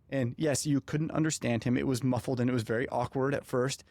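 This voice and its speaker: A man hosting a podcast, telling a personal story in an animated way and acting out the dialogue. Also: mid-range voice, a little fast, no room sound. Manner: animated, acts out quoted dialogue. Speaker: podcast host. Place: podcast studio.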